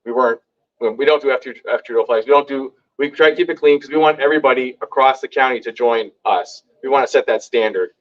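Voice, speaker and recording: A man telling stories to a live audience at a community meeting, lively and acting out what others said. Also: fast talker, highs cut off. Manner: lively, acts out quoted lines with big pitch jumps. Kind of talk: animated storytelling to a live audience. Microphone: hand-held microphone.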